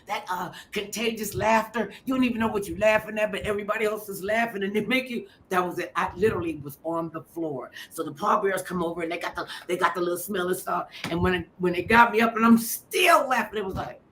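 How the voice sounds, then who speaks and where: A middle-aged woman hosting a chat, telling funny stories in an animated way and acting out what people said. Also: mid-range voice, fast, a little hiss or hum. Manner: animated, laughing storyteller who acts out quotes. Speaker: show host. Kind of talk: storytelling chat.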